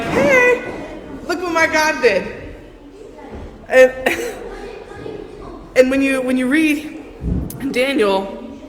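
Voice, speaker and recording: A woman preaching a sermon in a conversational way, playfully acting out the Bible figures in short bursts. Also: a little high. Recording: echoey hall with long reverb and faint noise.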